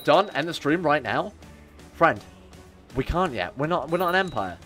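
With a voice on the high side at a moderate pace, a man animatedly narrates his live gameplay, joking, cursing freely and responding to his chat throughout. Faint background music plays under him.

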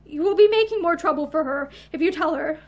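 A woman voicing a sad, weary man, speaking lower and softer in a storybook reading. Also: a little fast. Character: weary, troubled man, gentle but strained.

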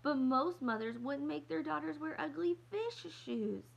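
A woman's voice: mid-range voice, a little slow, gravelly, husky, muffled recording. A woman reading aloud, voicing a feisty, sulky little girl who bellows and wails. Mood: indignant. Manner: bellowing, wailing, petulant.

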